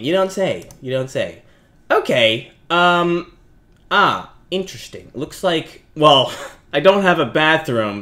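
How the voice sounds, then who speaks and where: A young man talks his way through a game in a bright, forceful voice that swings widely in pitch. He jokes at his own expense, mutters low to himself, then breaks into yelling whenever something startles him. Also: very animated, slow. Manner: jokey, self-mocking, bursts into yelling when startled. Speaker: gaming youtuber. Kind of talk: let's play commentary.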